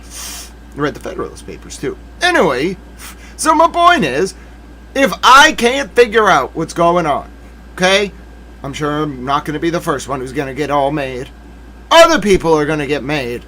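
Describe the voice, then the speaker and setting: A man's voice: fairly high pitch, very animated, normal speed, bright, forceful tone. A man hosting a live legal commentary stream, ranting with theatrical mock outrage and talking to himself in asides. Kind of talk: livestream commentary.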